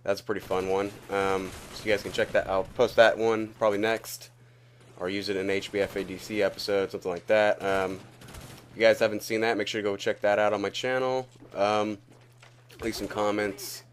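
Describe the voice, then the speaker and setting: A man's voice: on the low side, little pitch movement, brisk, a little hiss or hum. Rambling, coughing young man gamer. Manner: rambling, profane, laughs at own stories. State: coughing, recovering from illness. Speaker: gaming YouTuber. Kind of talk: casual gameplay commentary.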